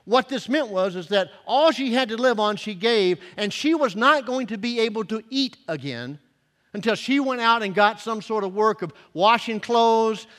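A male pastor preaching a sermon, animated and stumbling through restarts, rising loud and dropping soft, recorded in a church sanctuary. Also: high-pitched, moderate pace. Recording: reverberant church hall.

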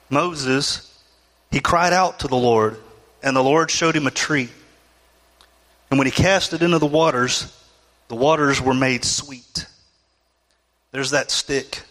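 A man delivers a sermon, reading scripture and then dramatizing the grumbling of the people in pleading, rising outbursts. His voice is high-set and bright. The sound carries a long reverb, as if from a sanctuary. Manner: acts out complaining voices, rising emotional pleas. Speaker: pastor.

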